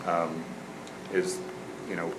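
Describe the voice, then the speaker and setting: A man's voice: deep voice, little pitch movement, slow pace. A man, a city council member thinking aloud in discussion, often repeating words as he goes. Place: council chamber. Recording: echoey chamber, background noise.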